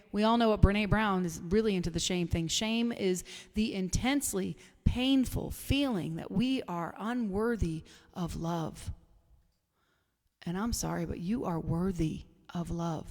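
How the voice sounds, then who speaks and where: Woman preaching in a reverberant hall. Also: medium pitch. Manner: emphatic, breaks into singing. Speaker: spiritual minister. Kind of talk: sermon.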